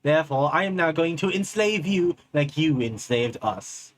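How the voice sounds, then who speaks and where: A man's voice: a little high, lively intonation, normal speed, a little hiss or hum, pitched above the performer's own voice, natural voice. A man putting on the voice of a pompous robot king, mock-solemn and overly formal.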